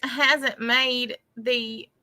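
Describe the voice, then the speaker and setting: Sarcastic high-voiced woman, bright and sharp. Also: little pitch movement, extremely slow. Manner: exaggerated, theatrical, Southern-flavored phrasing. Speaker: commentary creator. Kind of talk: sarcastic mock-lament monologue.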